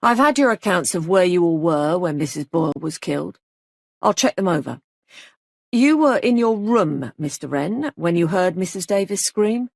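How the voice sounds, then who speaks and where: A woman's voice: lowish voice, expressive, moderate pace, gravelly, no room sound, studio quality. A woman voicing a grave male police sergeant who questions people in a clipped, insistent way. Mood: stern.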